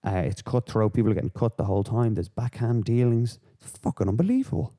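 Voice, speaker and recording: A man hosting a podcast, rambling through casual, sweary, animated rants. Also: fairly low pitch, a little fast. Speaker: podcast host. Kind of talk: casual chat.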